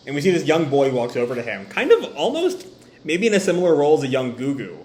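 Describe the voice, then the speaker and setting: An animated man reads a manga chapter aloud and riffs on it. He often laughs and wanders into tangents. His voice sits fairly high, with lively swings, in an echoey room. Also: fast, slight background noise. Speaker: manga reaction host. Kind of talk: casual reading and commentary.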